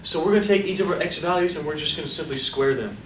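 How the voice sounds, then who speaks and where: This slightly high male voice moves fast as a statistics lecturer runs an upbeat class, questioning students and coaxing responses from them. Background noise, a distant mic, and room echo color the recording.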